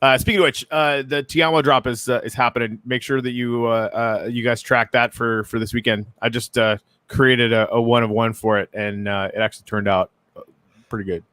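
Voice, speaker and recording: A man hosting a casual podcast chat, talking in a halting way full of fillers. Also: mid-range voice, steady tone, fairly bright tone, no echo. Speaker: show host.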